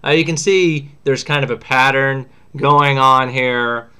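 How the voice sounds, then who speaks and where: A man's voice: mid-range voice, fairly even intonation, a little slow, bright, forceful tone, clean tone. A man teaching a history lesson in a casual, slangy way, acting out what historical figures say. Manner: chatty, slangy, acts out quotes.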